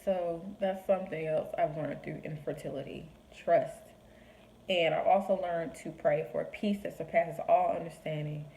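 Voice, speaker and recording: Earnest young woman, lowish voice. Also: fairly even intonation, moderate pace, vocal fry, mellow, a little hiss or hum, rough recording. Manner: earnest and encouraging, acts out quoted voices. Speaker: vlogger sharing faith reflections. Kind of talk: heartfelt personal talk to camera.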